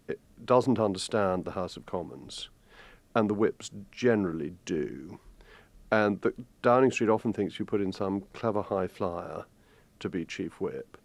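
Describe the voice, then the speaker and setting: A man from England in his fifties, a guest talking politics in a measured way, hesitating with ums. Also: fairly low pitch, creaky, a little mellow, dry recording. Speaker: guest commentator. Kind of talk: political discussion.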